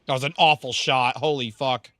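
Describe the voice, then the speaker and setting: A man with a bright, forceful voice streams a game and talks loosely with his chat. He rambles, swears freely and gets hyped. The sound is close and dry, with no room around it. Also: medium pitch, steady tone, normal speed, no room sound. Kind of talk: casual live-stream chat while gaming.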